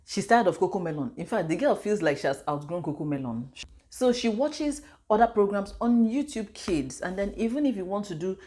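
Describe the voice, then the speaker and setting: Nigerian-accented woman, thirties, casual vlog, mid-pitched voice, lively storyteller. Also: a little fast. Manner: chatty, animated storytelling with pidgin and Igbo asides. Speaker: vlogger and mother.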